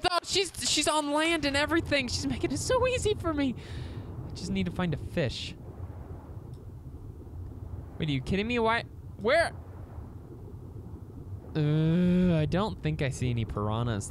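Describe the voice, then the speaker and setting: An excitable man narrates his video game play, talking to his tamed animals and swinging from low mutters up to high, gleeful yelps. His voice leaps around constantly, and the recording carries a clear layer of noise and game sound underneath. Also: measured pace, long pauses. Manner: excitable, squeals and shouts at in-game pets. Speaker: let's play gamer. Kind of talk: gameplay commentary.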